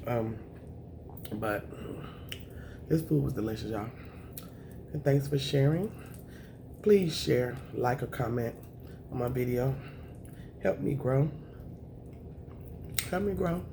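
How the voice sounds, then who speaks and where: Lady eating on camera, gravelly raspy voice, gets emotional, says y'all a lot, bit of room noise. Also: extremely low pitch, animated, slow pace, long pauses. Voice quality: raspy at times. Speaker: mukbang vlogger. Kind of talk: casual eating-show chat to camera.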